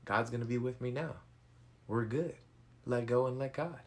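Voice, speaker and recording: Man playing a laid-back young shepherd hero, slangy and sure, gravelly low voice. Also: moderate pace, a little mellow, close to an everyday voice. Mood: confident. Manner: breezy, casual slang. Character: young confident shepherd boy hero, calm.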